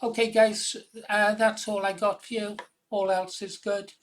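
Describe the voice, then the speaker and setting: A man's voice: sits high, level tone, a little slow, a little hiss or hum. A Welsh-born man hosting his own channel, giving rambling casual commentary between clips and chuckling often. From Wales. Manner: chatty, rambling, chuckles often, urges viewers loudly. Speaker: channel host.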